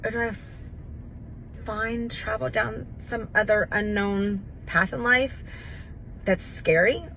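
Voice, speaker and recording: A fifty-year-old woman reflects slowly and haltingly on losing her job. Her voice sits in a middle pitch, with faint noise behind it. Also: steady tone, a bit bright, poor audio. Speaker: laid-off worker. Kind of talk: casual vlog reflection.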